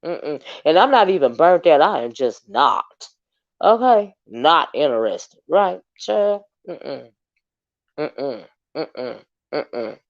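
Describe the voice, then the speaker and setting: Woman venting on her channel, lots of drawn out "mm-mm"s, lively up-and-down voice, dull dry mic. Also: sits low, no room sound. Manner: animated, exasperated, drawn-out sighs and hums. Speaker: commentary channel host. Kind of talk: casual ranting commentary.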